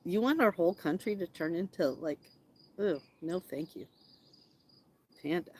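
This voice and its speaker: A woman with a low, rugged voice chats casually with her viewers outdoors in her backyard, breaking into a playful singsong to call to the animals. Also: animated, measured pace, a little mellow, slightly rough. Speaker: vlogger. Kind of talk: casual live chat with viewers.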